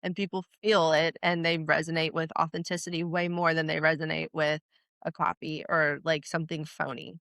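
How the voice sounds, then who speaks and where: A woman's voice: sits low, little pitch movement, a little fast, creaky, fairly bright tone, no echo. A young woman co-hosting a podcast, chatting casually, laughing often and swearing freely. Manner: giggly, swears freely, upbeat. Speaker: podcast co-host.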